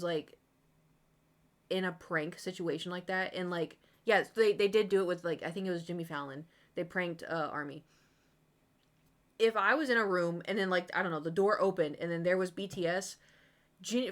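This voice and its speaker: A woman's voice: medium pitch, a bit bright. A young adult woman streamer in casual live-stream chat, telling stories with acted-out quotes and frequent laughs. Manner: chatty storytelling, acts out quoted voices, swears and laughs.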